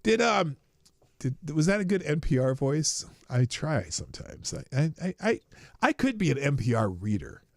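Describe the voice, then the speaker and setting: Gravelly guy ranting on his morning stream, sarcastic, super dry close mic. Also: fairly high pitch, sing-song, normal speed, no room sound. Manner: sarcastic, exasperated, reads viewer comments aloud. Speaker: livestream host. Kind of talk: casual commentary livestream.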